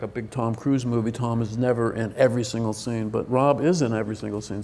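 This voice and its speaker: A man's voice: medium pitch, a little mellow, a little hiss or hum. An older man, a film director, answering questions at a press event in a rambling, hesitant way, full of restarts.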